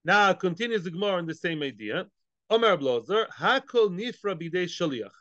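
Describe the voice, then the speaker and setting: High-voiced man teaching Talmud, dull and dry. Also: animated, a little fast, fairly bright tone, no room sound. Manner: explains Aramaic phrase by phrase in English, mixing in Hebrew and Yiddish terms; conversational, asks and answers his own questions. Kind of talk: daily Talmud class.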